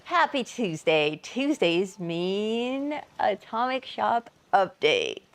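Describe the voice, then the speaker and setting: Give me a good-natured woman co-hosting a stream, unhurried and with lively intonation. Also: mid-range voice, smooth. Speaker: co-host of a game livestream. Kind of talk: casual livestream chat.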